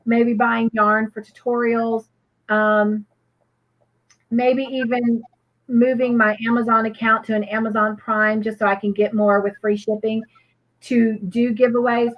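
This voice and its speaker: A woman's voice: on the high side, lo-fi sound. A woman co-hosting a live crochet show, chatting casually and reading viewers' comments aloud with gushing reactions.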